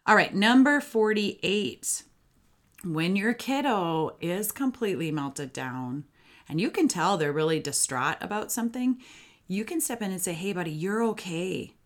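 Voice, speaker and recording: A woman's voice: mid-range voice, sing-song, unhurried. A woman hosting a parenting podcast who gives solo advice in a chatty, upbeat way and talks straight to her listeners.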